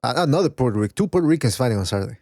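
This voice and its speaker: A man's voice: mid-range voice, lively intonation, very fast, creaky, dark tone, no room sound, clean studio sound. A man hosting a casual boxing podcast, rambling, swearing and reading chat messages aloud. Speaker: podcast host. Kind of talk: casual live-stream chat.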